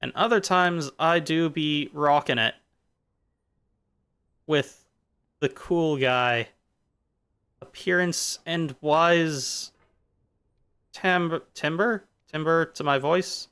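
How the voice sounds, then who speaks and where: Male streamer, loose playful musing over gameplay, a touch high-pitched, smooth clean timbre. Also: extremely slow, long pauses, fairly bright tone. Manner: playful, musing, jumping between jokes and philosophy. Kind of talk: casual rambling chat while gaming.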